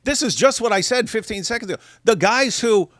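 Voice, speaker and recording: A man hosting a casual livestream, talking in a mocking, animated way and often mimicking his critics in shrill voices. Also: brisk, dry recording, clean studio sound. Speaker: livestream host.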